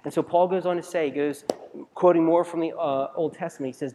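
A man's voice: a little high, fairly even intonation, a little fast, warm tone, slight background noise. A man preaching a sermon as a pastor in a conversational way, asking the congregation questions and often restarting his sentences. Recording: long reverb of a large hall.

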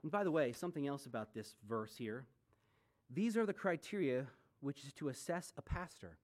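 A man's voice: mid-range voice, animated, normal speed. A man in his forties preaching a sermon as pastor, conversational, with joking asides and rhetorical questions. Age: 40s.

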